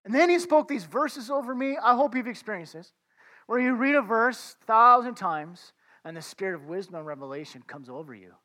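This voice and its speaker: A man's voice: sits high, expressive, fairly quick, pushed and bright. Man preaching a casual sermon. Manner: informal, addresses listeners as friends, restarts words. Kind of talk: conversational sermon.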